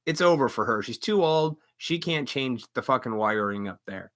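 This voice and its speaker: A man's voice: medium pitch, expressive, normal speed, a bit bright. A man hosting a live stream, delivering an angry, profane rant full of mocking asides. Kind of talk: angry ranting monologue.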